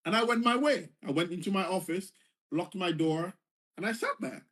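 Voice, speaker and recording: A man's voice: high-pitched, lively intonation, normal speed, a bit bright. A man earnestly retelling a personal story, repeating phrases for emphasis. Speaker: former foreign service official telling his story.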